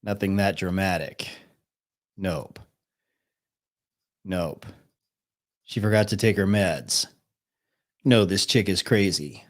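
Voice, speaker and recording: A man's voice: low voice, slow, long pauses. A man hosting a live stream, reacting to videos and talking to his chat in a blunt, sarcastic way. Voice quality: blunt, swears casually, sarcastic. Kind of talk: casual live-stream commentary.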